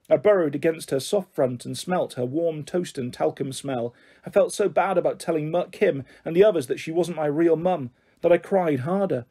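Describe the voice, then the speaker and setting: A man reading a children's book aloud, narrating a young girl's first-person story in a gentle, even way. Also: on the high side, brisk, slightly rough.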